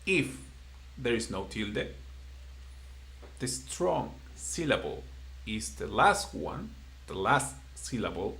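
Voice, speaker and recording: Male tutor, gravelly voice, patient and encouraging with a beginner. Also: on the low side, big pitch swings, fairly bright tone. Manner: patient, encouraging, explains slowly in simple English. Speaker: Spanish teacher. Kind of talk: live-streamed online language lesson.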